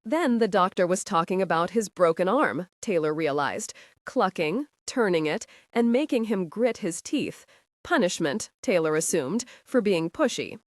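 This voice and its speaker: A woman narrating an audiobook in an even, measured way. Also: on the low side, dry recording, clean studio sound, recorded from a distance. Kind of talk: scripted narration.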